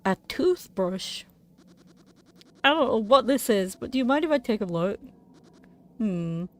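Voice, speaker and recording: A woman voicing a curious, excitable male game character who fusses over dirty stones, reading the lines in a soft, hushed, earnest way. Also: medium pitch, measured pace, natural voice. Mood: puzzled. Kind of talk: reading game dialogue aloud.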